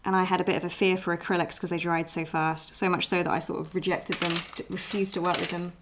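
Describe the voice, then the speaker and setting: A woman's voice: fairly low pitch, flat delivery, quick pace, fairly bright tone, slight background noise. A young English woman with an Essex-tinged accent, chatting casually at home while she draws on a live stream, rambling with fillers and restarts. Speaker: livestream art host. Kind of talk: casual chat while drawing.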